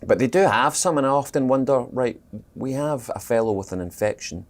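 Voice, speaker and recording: A Scottish guest actor talks casually in a podcast interview, thoughtful and rambling, with many fillers and restarts. His voice is medium-pitched and brisk, with lively intonation.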